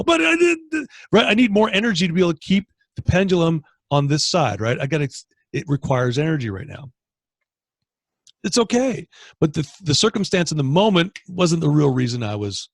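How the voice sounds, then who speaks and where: Energetic Canadian man coaching a group. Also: on the high side, vocal fry, dry recording. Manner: energetic, animated, acts out inner dialogue. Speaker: training manager hosting a call. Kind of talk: motivational coaching talk. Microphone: video call.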